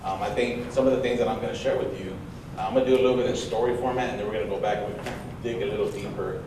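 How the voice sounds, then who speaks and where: A man giving a motivational talk to students, telling lively stories and acting out his mother. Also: on the low side, very fast. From United States, of Mexican parents. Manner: lively storytelling, acts out his mom. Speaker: bullying prevention speaker. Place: large echoey room before an audience. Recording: echoey room, picked up from far off, noisy.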